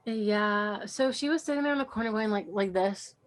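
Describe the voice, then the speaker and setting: A young woman co-hosting a podcast, chatting casually and telling an animated story full of "like" and acted-out quotes. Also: medium pitch, normal speed. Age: young adult. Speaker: podcast co-host. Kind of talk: casual chat.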